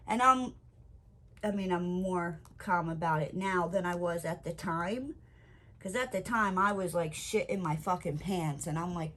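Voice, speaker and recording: A woman vlogger telling a story in casual chat, animated and swearing freely. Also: medium pitch, moderate pace. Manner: animated, swears freely, quotes herself loudly. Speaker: crafting vlogger.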